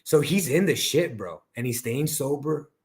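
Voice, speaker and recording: A man's voice: mid-range voice, animated, moderate pace, darkish tone. A man who is a coach, talking casually as a podcast guest and often calling the listener "bro". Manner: casual, peppers speech with "bro".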